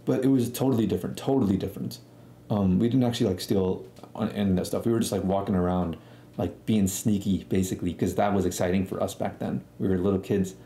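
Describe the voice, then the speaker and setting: A young storytelling streamer rambles through a tale in a casual, slangy way, swearing freely. His low, dark voice holds a steady tone and moves fast, recorded in an echoey room.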